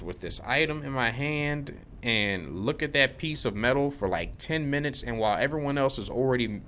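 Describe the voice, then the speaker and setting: A man's voice: mid-range voice, pushed and bright, slight background noise. A young man vlogging, telling a rambling, laid-back story about work, full of slang. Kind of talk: casual rambling monologue.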